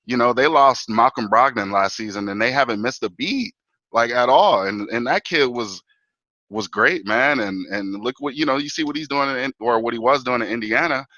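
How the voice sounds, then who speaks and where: Male guest, lively fan talk, bright voice, dry close mic. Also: medium pitch, normal speed, no room sound, highs cut off. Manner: animated, fan talk full of "bro" and "man". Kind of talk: casual sports talk.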